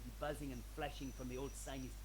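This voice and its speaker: A man's voice: medium pitch, level tone, fast talker, crowd noise, lightly acted. An actor playing a polite, weary male stall owner in a video game who is nursing a headache and reluctant to chat.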